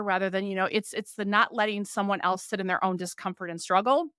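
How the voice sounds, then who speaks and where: A woman hosting a podcast, explaining ideas in a lively, conversational way and often acting out the complaints she describes. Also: medium pitch, fast talker, few pauses, clear, resonant tone, no echo, studio quality. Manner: animated, voices quoted complaints for illustration. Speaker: podcast host.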